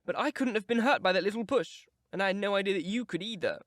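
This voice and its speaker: A man's voice: high voice, fast, fairly bright tone, dry recording, studio quality, pitched above the performer's own voice. A man reading an audiobook, voicing a hot-tempered but tender-hearted teenage girl who speaks with passion. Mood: pleading. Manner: impassioned, pleading.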